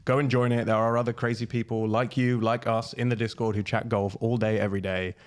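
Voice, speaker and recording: A man's voice: medium pitch, level tone, a little fast. A playful man co-hosting a podcast who likes to tease. He keeps it casual and wraps up the show with plugs and thanks. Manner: teasing, playful. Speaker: podcast co-host. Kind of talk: casual chat and show outro.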